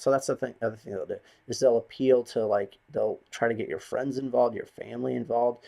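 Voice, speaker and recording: A man's voice: medium pitch, steady tone, moderate pace, gravelly, warm tone. A man vlogging a bitter, rambling, profane rant to the camera. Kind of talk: ranting monologue to camera.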